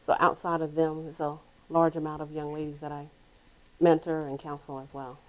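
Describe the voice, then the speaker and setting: Woman, low voice, program founder, halting answers that often restart mid-sentence. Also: level tone, a little mellow, rough recording. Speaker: founder of a youth mentoring program. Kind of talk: casual interview.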